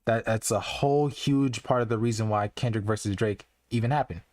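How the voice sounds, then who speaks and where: A man's voice: on the low side, a little fast, darkish tone, no echo, clean studio sound. A young man talking to his live-stream chat in a loose, earnest way, rambling and restarting often with lots of "like". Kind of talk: casual live-stream commentary.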